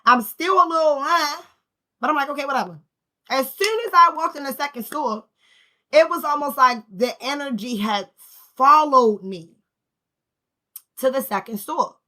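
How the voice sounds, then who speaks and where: A middle-aged woman telling a story in a casual, animated way and acting out the people she quotes. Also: high voice, normal speed, pauses often. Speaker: spiritual vlogger.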